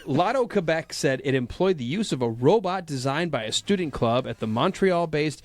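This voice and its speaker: Animated, teasing radio co-host man. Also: fairly high pitch, normal speed, heavy background noise. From French background. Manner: playful, teasing, laughs a lot. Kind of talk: casual banter, reading news items aloud. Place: radio studio.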